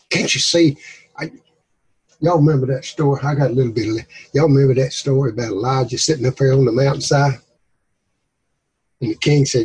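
A man, leading a group discussion and telling folksy, animated Bible stories. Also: medium pitch, slightly rough, low-quality recording. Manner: animated, drawling, acts out stories. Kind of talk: folksy preaching and storytelling.

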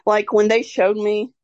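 A young mother tells her birth story in a medium-pitched, slightly mellow voice, recorded dry with dull audio. Her telling is casual and rambling, packed with "like" and other fillers, and she sounds openly emotional and devout.

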